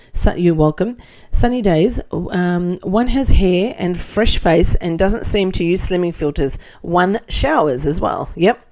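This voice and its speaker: Australian woman host, middle-aged, mellow and warm, blunt sarcastic comment-reader, casual chat. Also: on the low side. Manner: reads comments aloud with laughing asides, blunt and sarcastic. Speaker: commentary channel host reading viewer comments.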